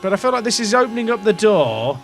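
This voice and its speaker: Fast and sing-song, this high-pitched English man streams a racing-management game. His casual commentary to chat wanders and doubts itself, with the odd swear word slipped in.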